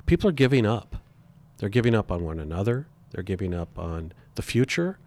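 A middle-aged man with a lowish voice, talking earnestly as a guest in an interview. He often halts and restarts his sentences as he works toward his point. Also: big pitch swings, a little mellow. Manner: earnest, halting with repeated restarts. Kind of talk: reflective interview talk.

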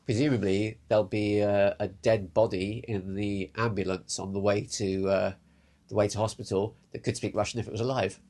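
Man excitedly unpacking a TV episode. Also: on the low side, moderate pace. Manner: animated, restarts often, acts out his own confusion. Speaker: podcast co-host. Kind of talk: casual chat about a TV show.

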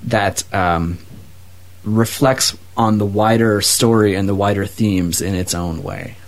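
A man's voice: lowish voice, steady tone, slow. A man co-hosting a podcast, chatting casually about a movie with enthusiasm and lots of fillers. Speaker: podcast co-host. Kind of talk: casual movie review chat.

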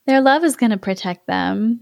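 A woman podcast host reading a fairy tale aloud in a measured way, breaking into casual chat. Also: on the high side, lively intonation, vocal fry, no echo, clean studio sound.

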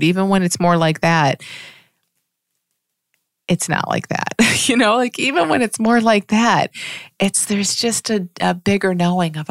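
A woman giving a reflective spiritual monologue, musing aloud with frequent restarts and soft laughs. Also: mid-range voice, expressive, a little slow, pauses often, no room sound, clean studio sound.

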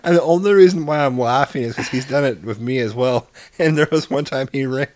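A man's voice: medium pitch, fairly quick, darkish tone, no room sound, studio quality. A man in his thirties, a podcast co-host and parent, chatting casually and joking. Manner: jokey, laughs along. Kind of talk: casual chat.

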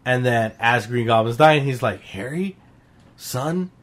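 A man's voice: medium pitch, steady tone, moderate pace, a bit bright. A man co-hosting a casual podcast chat, retelling a comic plot in a heated, profane way. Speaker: podcast co-host.

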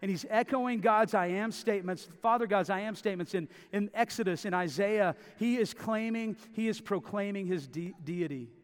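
A man's voice: high voice, moderate pace, few pauses. A man preaching a sermon, emphatic and repeating phrases for stress. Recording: long reverb of a large hall.

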